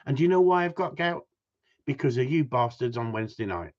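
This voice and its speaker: A medium-pitched man with lively intonation talks a little fast while hosting a casual livestream. He banters and jokes with viewers and laughs a lot, and the stream sound is dull and lo-fi.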